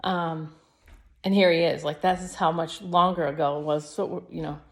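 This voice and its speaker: A woman's voice: low voice, steady tone, moderate pace. A woman in her fifties, a yoga teacher, rambling reflectively through a personal video diary. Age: 50s.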